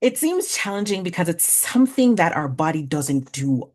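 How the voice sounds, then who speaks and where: A woman in her forties leading a parenting workshop, talking conversationally, laughing at herself and slowly counting out breathing exercises. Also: on the low side, big pitch swings, a little mellow. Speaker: workshop facilitator. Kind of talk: guided breathing exercise and storytelling talk.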